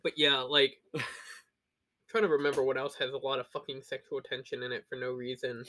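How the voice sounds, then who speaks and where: A young man co-hosting a podcast who tells animated stories and swears a lot. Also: mid-range voice, moderate pace. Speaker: podcast co-host. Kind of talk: casual crude banter.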